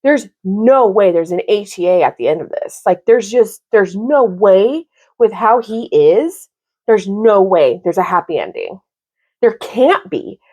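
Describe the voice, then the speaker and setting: A woman in her thirties giving a casual, exasperated book review, talking in an animated way with lots of "like". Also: mid-range voice, unhurried. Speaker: book vlogger.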